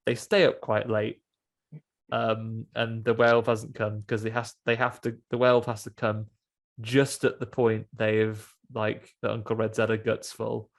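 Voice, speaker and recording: A man's voice: on the low side, flat delivery, moderate pace, creaky. A man hosting a casual film podcast, rambling and swearing as he acts out little scenes. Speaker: podcast host.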